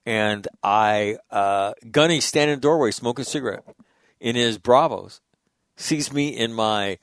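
Man, middle-aged, blunt, profane, animated storyteller, mid-pitched voice, dry close sound. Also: unhurried, clear, resonant tone, no room sound. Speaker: Marine veteran guest. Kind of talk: casual storytelling interview.

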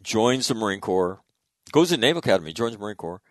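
Male host, lowish voice, dry recording, lively anecdotes and frequent laughs. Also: fast talker, no room sound. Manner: animated storyteller, laughs often. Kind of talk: casual chat.

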